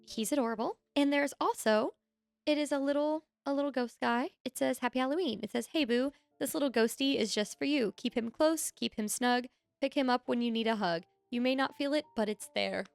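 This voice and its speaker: A woman's voice: sits high, fairly quick, vocal fry, dry recording. A young woman co-hosting a podcast, chatting casually and getting emotional over fan gifts. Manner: emotional, effusive. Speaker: podcast co-host. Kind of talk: casual chat.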